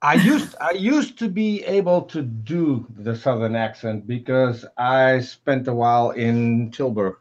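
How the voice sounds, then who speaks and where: A man's voice: mid-range voice, expressive, measured pace, few pauses, muffled recording. A man from the Netherlands with a Dutch accent, joking around in a casual group chat.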